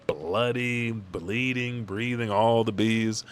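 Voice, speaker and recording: A man's voice: lowish voice, takes it slowly, a little hiss or hum. A man casually reading a comic aloud with offhand, profane commentary. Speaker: manga reader and commentator.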